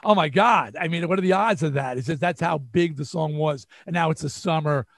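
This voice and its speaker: A man's voice: a little high, fairly quick, gravelly, no room sound, studio quality. An older man with a New York accent, telling stories as an interview guest and acting out what people said. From New York area. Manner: animated, acts out quotes. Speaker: guest musician. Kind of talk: storytelling interview.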